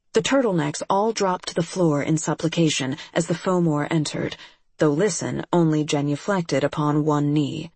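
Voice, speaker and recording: Audiobook narrator, first-person story, husky tone, dry close sound. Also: medium pitch, darkish tone, no room sound. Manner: measured storytelling.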